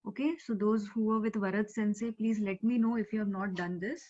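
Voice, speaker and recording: A woman's voice: mid-range voice, fairly even intonation, brisk, a little mellow. A woman teaching an online language class, explaining patiently with many fillers over a video call. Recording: dull, muffled video-call audio.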